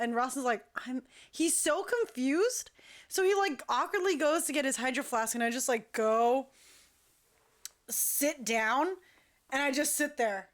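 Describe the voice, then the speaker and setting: A young woman hosting a talk show, telling a long story in a chatty, animated way and acting out what people said. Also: sits high. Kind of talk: casual storytelling.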